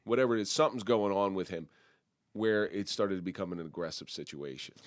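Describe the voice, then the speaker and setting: A man's voice: sits low, fairly quick, no room sound, studio quality. A man hosting a podcast, chatting casually in a blunt, joking way. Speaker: podcast host. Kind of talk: casual chat.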